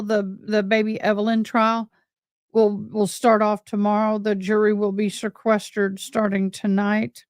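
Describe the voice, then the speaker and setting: A woman's voice: mid-range voice, clear, resonant tone, no echo, studio quality. Chatty woman livestream host. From Missouri. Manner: chatty, rambling, folksy. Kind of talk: casual livestream chat.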